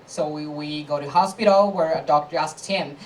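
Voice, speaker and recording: A man from Japan with a Japanese accent, a native Japanese speaker performing a stand-up comedy set on a live club stage, landing deadpan punchlines with laughing asides. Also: fairly high pitch, moderate pace, recorded from a distance, a crowd in the background, low-quality recording.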